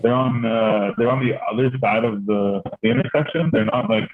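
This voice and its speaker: A man's voice: mid-range voice, normal speed. A man from Canada, a podcast host telling a story in casual chat, rambling with lots of fillers and swearing. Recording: tinny phone-like sound.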